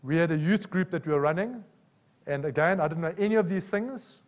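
Speaking a little high and fairly quickly, this South African-accented preacher shares personal stories throughout his sermon. His delivery is animated, punctuated by frequent calls of "Amen?" to the congregation.

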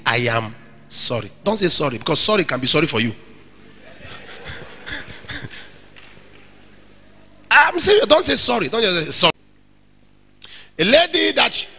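A man preaching a sermon to young single men, animated and playful, acting out little scenes. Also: high-pitched, in a large hall. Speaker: pastor.

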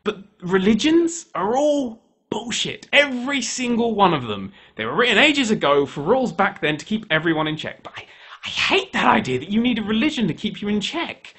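A man ranting his opinions to camera in a heated, animated way. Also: high-pitched, normal speed, husky. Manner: animated, heated, switching into voices for quoted people. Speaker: video maker.

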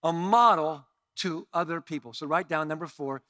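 A man's voice: a little high, moderate pace, bright, forceful tone, no room sound. Guy pastor giving a sermon, punchy and chatty, dry close sound. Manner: emphatic, conversational, asks the congregation questions.

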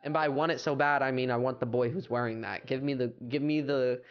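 A man's voice: fairly high pitch, normal speed, clear, resonant tone, muffled recording. A young American man chatting casually and playfully on a livestream, rambling with filler words. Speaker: streamer.

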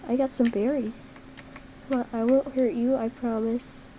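A woman giving casual, chatty gameplay commentary, excitable and full of "like", with sudden shouts. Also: high voice, moderate pace, slight background noise, low-quality recording. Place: at a computer while gaming.

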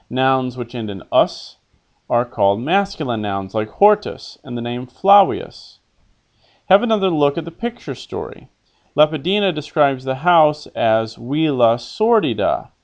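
A man's voice: medium pitch, lo-fi sound. A man teaching an elementary Latin lesson, reading phrases for a pupil to repeat, then translating them and patiently quizzing. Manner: patient, asks questions and answers them himself.

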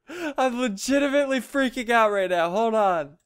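A young man giving excitable, jumpy gameplay commentary, laughing often and yelping when startled. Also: extremely high pitch, moderate pace, clear, resonant tone. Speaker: gaming YouTuber. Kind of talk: Let's Play commentary.

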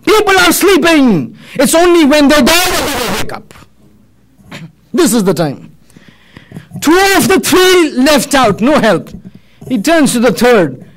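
Man preaching a sermon, really high voice, tells the story dramatically. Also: sing-song, a little slow, long pauses, fairly bright tone, a little hiss or hum, low-quality recording. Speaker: Muslim preacher. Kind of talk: sermon lecture.

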